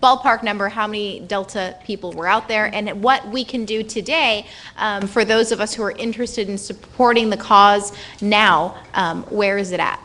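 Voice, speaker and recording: A woman anchors a student news show and sums up a report in an earnest way, with many ums along the way. Her voice is bright and crisp, at a middle pitch. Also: normal speed. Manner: earnest, filler-heavy wrap-up.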